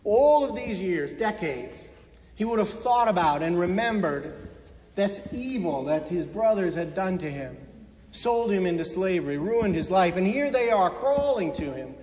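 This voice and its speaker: A man preaching a sermon, retelling stories and quoting the figures in them, dropping soft and slow at the key points. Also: sits high, expressive, long reverb tail. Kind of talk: sermon storytelling.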